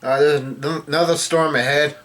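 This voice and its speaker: A man's voice: a little high, steady tone, a bit bright. A man giving a casual read-through of a comic chapter, relaying the characters' lines in a plain voice and often correcting himself as he goes. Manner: halting, self-correcting delivery. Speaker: manga chapter recapper.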